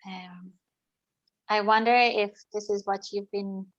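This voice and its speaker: A woman's voice: mid-range voice, steady tone, slow pace, lo-fi sound. A woman moderating a panel, asking follow-up questions in a hesitant, polite way.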